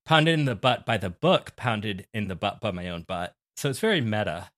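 A man's voice: lowish voice, animated, moderate pace, fairly bright tone. A man co-hosting a podcast in casual chat, laughing often as he talks. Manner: giggly, laughs often while talking. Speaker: podcast co-host.

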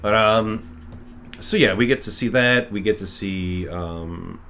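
Man, very low voice, casual podcast chat, rambling recap, lots of ums. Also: unhurried, sharp tone. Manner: rambling, full of fillers, acts out quotes.

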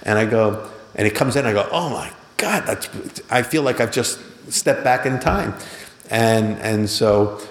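A man's voice: lowish voice, a little slow. A middle-aged man from Philadelphia telling a personal story in a conversational way, acting out each person's lines with a lifted voice. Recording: roomy hall with long reverb.

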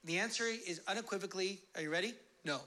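A man preaching a sermon as pastor, casual and animated, acting out the voices of God and his listeners. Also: high-pitched, fast talker. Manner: casual, conversational preaching with fillers.

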